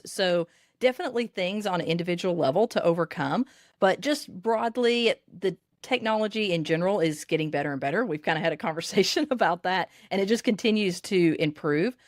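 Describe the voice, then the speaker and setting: A woman with a Southern US accent talks in a lowish voice, animated and expressive as she explains her methods. The sound is close and dry, with no room around it. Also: a little fast, no room sound. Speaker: dictation coach for authors. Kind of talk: podcast interview.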